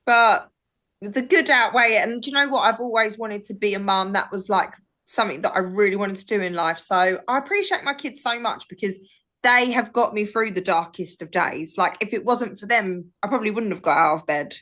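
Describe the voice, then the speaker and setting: A woman's voice: mid-range voice, brisk, pushed and bright. A woman, chatting casually as a podcast guest and telling stories animatedly. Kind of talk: casual chat.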